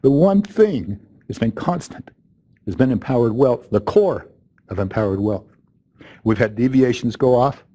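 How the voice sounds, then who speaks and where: A man's voice: medium pitch, expressive, unhurried, dark tone. A middle-aged man telling a story to a live training audience, chatty and conversational, with fillers and self-corrections. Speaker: speaker opening a training event. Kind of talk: storytelling keynote talk.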